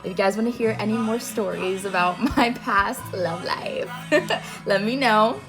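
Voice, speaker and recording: A woman's voice: medium pitch, unhurried. A woman casually closing a storytime video with reassuring advice to her viewers. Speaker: storytime creator. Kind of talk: storytime sign-off. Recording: music playing underneath.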